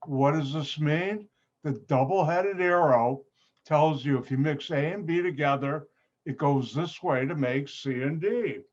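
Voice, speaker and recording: A man from Chicago, USA, with a Chicago accent teaches chemistry live online in a slightly high, unhurried voice. Jokey, upbeat, and self-mocking, he banters with students; the audio comes through a muffled video call.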